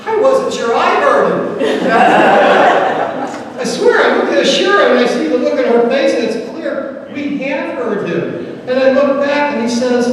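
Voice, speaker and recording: A man performing a spoken-word sermon as animated, humorous storytelling at a live event. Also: very high-pitched, measured pace, a little hiss or hum. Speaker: slam performer. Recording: echoey hall from far off.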